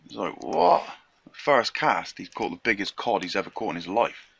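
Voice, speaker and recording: A man's voice: low voice, a little fast, gravelly, lo-fi sound, noisy background. Chatty man telling a folk tale. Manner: chatty, slangy retelling with quoted voices. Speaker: storyteller.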